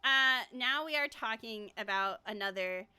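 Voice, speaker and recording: A woman's voice: a little high, unhurried, pushed and bright, clear, resonant tone. A woman streamer chatting casually about her own characters, rambling with lots of fillers and frequent laughter.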